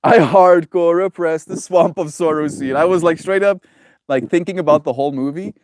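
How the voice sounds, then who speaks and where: This livestream host, a man, chats through his daily stream and reads viewer comments aloud, animated throughout and rising into higher voices to play out reactions. His pace is moderate, with a slight hiss or hum in the audio.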